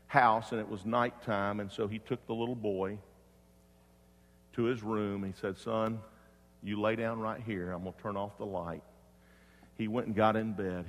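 A man preaching a sermon as pastor, swinging from loud emphatic preaching to hushed, quiet storytelling. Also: lowish voice, in a large hall.

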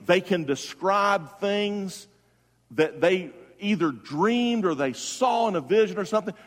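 A male pastor preaching a funeral sermon, swinging from loud emphatic calls to hushed, soft tones. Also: sits high, lively intonation, a little slow, long reverb tail.

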